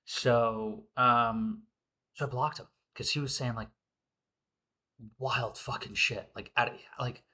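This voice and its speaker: A man's voice: mid-range voice, steady tone, slow, long pauses, sharp tone. Heated, profane young man venting. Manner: heated, profane, repeats himself. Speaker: vlogger. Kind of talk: casual venting monologue.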